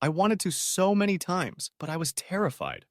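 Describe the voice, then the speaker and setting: A man's voice: high-pitched, wildly swooping pitch, moderate pace, dry recording, studio quality, voice pushed up, exaggerated voice. Tearful pleading young woman, as a man puts her on. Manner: trembling, pleading.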